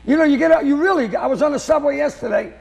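A comedian, telling rambling, self-mocking jokes as a talk-show guest. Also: male voice, extremely high pitch, fast, creaky, darkish tone. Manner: jokey, digressive, self-mocking. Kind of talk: rambling comic storytelling in an interview.

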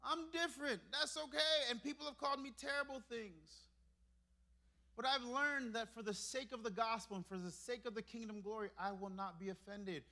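Brooklyn-raised pastor in his 30s preaching in church, drops quiet then gets loud, bright highish voice. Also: moderate pace, creaky. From Brooklyn, New York. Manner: animated preaching that swings from hushed to emphatic. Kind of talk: sermon. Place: church sanctuary.

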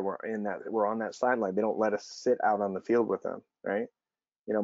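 Earnest male speaker, storytelling presenter, gravelly voice, dull dry lo-fi recording. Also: lowish voice, a little mellow, no echo. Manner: earnest, storytelling, acts out quoted dialogue. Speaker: speaker on youth sports and child development. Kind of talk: presentation with personal stories.

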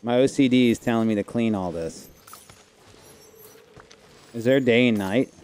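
A man chatting casually and slangily while playing a video game, thinking out loud. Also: mid-range voice, measured pace. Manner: chatty, slangy, says dude and like a lot. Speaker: gamer playing on stream. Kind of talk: casual gameplay commentary. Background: faint game music.

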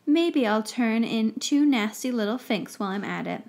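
A woman voicing a nervous, scheming male wizard minister who talks quickly and tries to hide the tremble in his voice. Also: fairly high pitch, expressive, a little mellow. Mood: nervous bluster. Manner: speaks quickly, hiding nerves. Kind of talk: dramatic audiobook-style reading.

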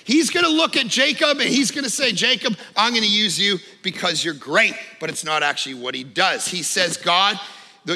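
A man preaching a sermon, telling a story with lively energy, sometimes shouting and sometimes dropping low. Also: normal speed, vocal fry, long reverb tail. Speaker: pastor.

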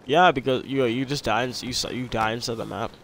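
A young man casually commenting on his own gameplay, excitable and slangy, repeating lines and yelping when he gets attacked. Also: medium pitch, brisk, slight background noise. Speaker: gamer.

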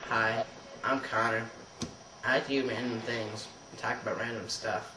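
A man hosting his own vlog, rambling through unscripted random thoughts in a goofy, deadpan way. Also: mid-range voice, normal speed. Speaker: vlog host. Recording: roomy and distant with faint noise.

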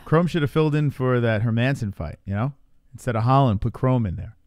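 A man's voice: mid-range voice, animated, a little fast, a little mellow, no room sound, studio quality. A man hosting a live stream, chatting casually with a laid-back, joking manner and swearing freely. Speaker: stream host. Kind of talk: casual live reaction chat.

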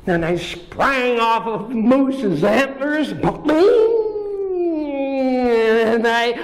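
Male storyteller, playful children's tale, drawn-out pacing, reverberant hall. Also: extremely high pitch. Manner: lively, playful, sound effects. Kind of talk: animated children's story narration.

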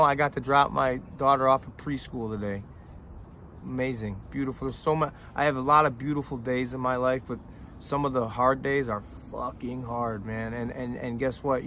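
A man's voice: mid-range voice, sharp tone, slight background noise. Emotional, profane man talking to fans. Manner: emotional, profane, halting with many restarts. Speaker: independent rapper talking to fans. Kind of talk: heartfelt, rambling direct-to-camera talk.

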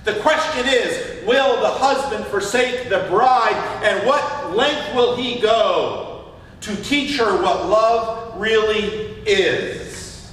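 A man's voice: very high-pitched, slow, a bit bright. A man preaching a sermon as pastor, asking his listeners rhetorical questions. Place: church sanctuary. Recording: echoey church hall from far off.

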